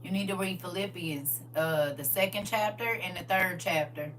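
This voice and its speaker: A woman hosting a livestream in casual chat, laughing often, repeating "listen," and moving into gentle spiritual advice. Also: lowish voice, normal speed. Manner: laughs often, repeats "listen" and "I'm trying to tell you". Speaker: livestream host. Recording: distant mic with faint hum.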